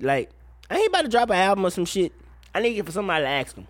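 A man giving a casual, profane solo rant about music gossip, breaking into sudden loud high outbursts. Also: wildly swooping pitch, brisk. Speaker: solo commentator.

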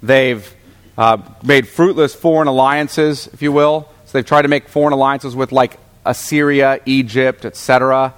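A man's voice: medium pitch, steady tone, moderate pace, smooth, long reverb tail. A man teaching a Bible class as a pastor, talking to the room in a conversational way, stopping to ask the listeners questions and often starting sentences over.

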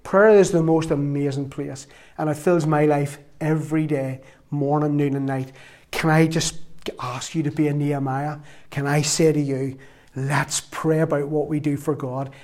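A man's voice: a little high, steady tone, normal speed, darkish tone. A middle-aged man preaching an earnest, emotional sermon that urges his congregation to pray.

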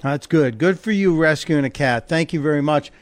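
A man's voice: a little high, moderate pace, no room sound. A man hosting a call-in radio talk show, chatting casually and joking with a caller. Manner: chatty, joking, laughs easily. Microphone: studio microphone.

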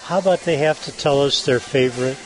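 A man's voice: medium pitch, fairly quick, rough recording. Wisecracking male co-host over music. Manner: dry, joking asides. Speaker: radio co-host.

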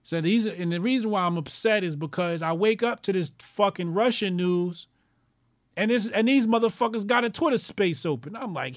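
A man's voice: high voice, lively intonation, moderate pace, dry recording, studio quality. Foul-mouthed man ranting on his show. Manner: crude, swears constantly, mocking; emphatic, repeats lines for effect. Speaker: commentary show host. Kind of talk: profane ranting commentary.

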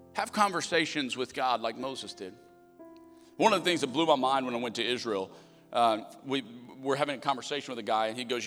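A man with a Southern US accent preaching a sermon, surging to loud emphatic peaks and dropping low for quoted asides. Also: in a large hall. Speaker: pastor.

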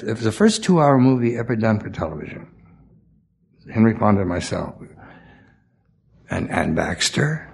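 An older man with a gravelly voice, a guest actor telling rambling showbiz stories in a casual interview and acting out the quotes. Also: fairly low pitch. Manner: rambling storyteller, acts out quotes.

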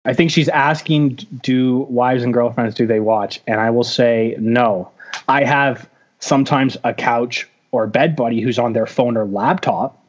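A man's voice: mid-range voice, measured pace. A man co-hosting a casual sports chat, blunt and opinionated, swearing often. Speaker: podcast co-host. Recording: dull lo-fi audio.

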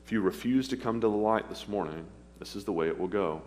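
Deep-voiced preacher in a reverberant church. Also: male voice. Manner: earnest, pleading, with confessional pauses. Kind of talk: sermon. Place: church sanctuary. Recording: long hall reverb, faint hum.

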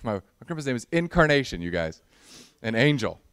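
A man's voice: medium pitch, very animated, brisk, fairly bright tone, clear, resonant tone, no room sound, clean studio sound. A man in the role of pastor, preaching a conversational sermon that mixes humorous storytelling with earnest prayer.

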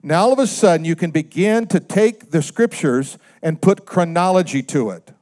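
A man delivering a sermon in a slightly higher-than-usual voice. He talks conversationally, often asking his listeners questions. His delivery swings between loud, emphatic lines and low, quiet asides. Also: lively intonation, normal speed. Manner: conversational, asks the congregation questions. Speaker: pastor.

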